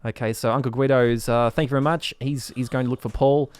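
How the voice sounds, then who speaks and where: Hesitant podcast host, dry sound. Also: male voice, mid-range voice, fairly even intonation, quick pace, a little mellow, clean tone, dry recording. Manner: hesitant, lots of fillers. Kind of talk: casual chat.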